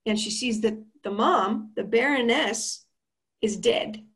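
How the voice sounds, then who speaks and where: A woman's voice: fairly high pitch, takes it slowly, a bit bright. A young woman recapping a horror film in a chatty, slangy and playful way.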